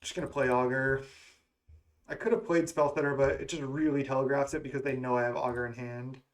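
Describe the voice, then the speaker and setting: A man's voice: mid-range voice, level tone, brisk. A man talking through his moves as he plays an online card game, musing and questioning himself as he goes. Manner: musing, self-questioning strategy talk. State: has the hiccups. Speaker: gaming content creator. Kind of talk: thinking aloud during card game play.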